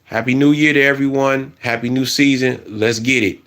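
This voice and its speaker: A man's voice: medium pitch, steady tone, normal speed, a bit bright. A man talking casually in a motivational vlog, repeating earnest, encouraging affirmations to himself and to viewers. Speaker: motivational vlogger. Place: home washroom.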